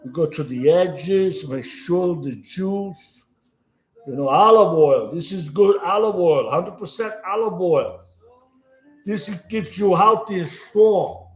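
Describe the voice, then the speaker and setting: Italian-accented man, rambling cooking chat, fairly high voice, echoey kitchen. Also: slow. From Italy. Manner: rambling, chatty, broken English, talks while cooking. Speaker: home cooking show host. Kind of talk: casual cooking chat to camera.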